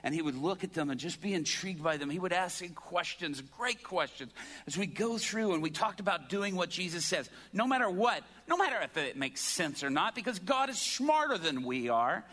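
A man preaching, retelling a story in a quiet, hushed voice and building to loud, emphatic preaching. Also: sits high, expressive, normal speed. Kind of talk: sermon storytelling.

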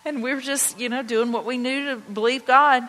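A woman pastor telling personal stories in a conversational, excited sermon to her congregation. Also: high-pitched, normal speed. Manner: conversational, anecdotal, excited retelling. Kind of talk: storytelling sermon. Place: church sanctuary. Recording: long church-hall reverb.

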